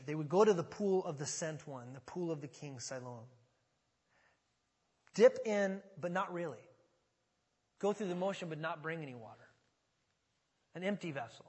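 Male pastor, high tenor, dynamic sermon delivery that swells to near-shouting, long hall reverb.

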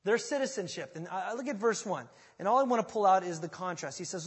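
A man preaching a sermon as pastor, talking in a conversational, animated way and joking with his congregation. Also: sits high, fast, few pauses, breathy edge, big-room sound.

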